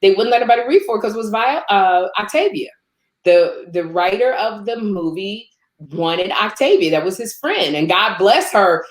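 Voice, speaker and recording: A woman from Chicago, a guest telling lively stories in casual chat, laughing and acting out quotes. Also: normal speed. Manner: animated, laughs often, acts out quotes in higher voice. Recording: roomy echo.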